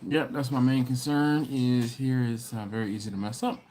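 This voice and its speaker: A man's voice: medium pitch, steady tone, normal speed, darkish tone, a little hiss or hum. A man hosting a barbecue live stream, chatting casually and reading viewer comments aloud. He is laid-back and slangy, laughs often, and has a runny nose and a cough.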